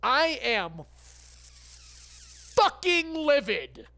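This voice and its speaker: A woman's voice: high-pitched, big pitch swings, very slow, gravelly, a bit bright, dry recording. A woman streamer giving live gameplay commentary, ranting with lots of swearing and stammered restarts. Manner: profane, exasperated ranting.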